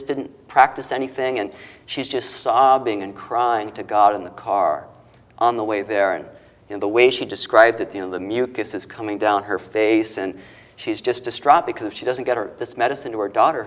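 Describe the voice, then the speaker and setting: Male guest, lowish voice, emotional storyteller who voices the people he quotes. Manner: retells stories with quoted voices, gets choked up. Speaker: author and guest.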